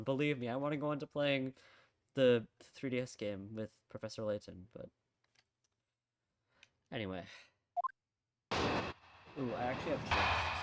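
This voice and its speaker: A man's voice: mid-range voice, moderate pace, pauses often. A man chatting casually and self-mockingly while he plays through a game on stream, now and then swearing. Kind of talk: casual let's-play commentary. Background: loud game music.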